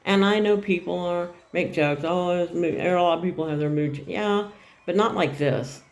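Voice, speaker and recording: A woman's voice: on the low side, moderate pace, vocal fry. A middle-aged woman telling a personal story on her vlog in a plain-spoken, rambling way, often repeating herself. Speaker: vlogger.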